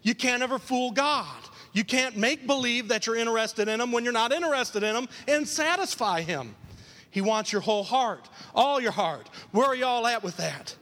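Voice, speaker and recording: A man preaching a lively sermon as pastor, acting out quoted voices and repeating key lines for emphasis. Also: very high voice, moderate pace, long reverb tail. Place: church.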